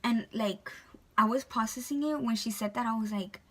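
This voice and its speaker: A young woman with a fairly high voice shares a storytime on her vlog at a normal speed. Her delivery is chatty and full of fillers like "like" and "um."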